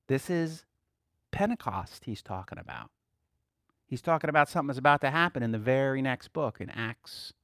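A man's voice: mid-range voice, no echo, studio quality. A male preacher teaching a sermon to a small group, asking rhetorical questions and chuckling often as he talks.

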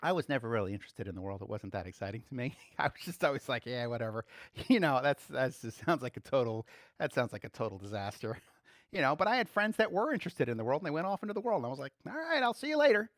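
A preacher whose pitch swings widely from phrase to phrase, talking to the congregation in a loose, chatty way. The recording sounds close and dry, with no room around the voice. Quoted lines and bird calls get acted out along the way. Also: fast talker, no room sound. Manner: animated, acts out little voices and quotes; chuckles often, informal. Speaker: pastor. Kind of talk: conversational sermon.

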